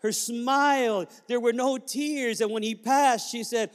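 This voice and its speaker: A man's voice: very high voice, steady tone, a little slow, few pauses. A man preaching a sermon as pastor, telling family stories with sudden joyful whoops. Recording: long reverb of a large hall.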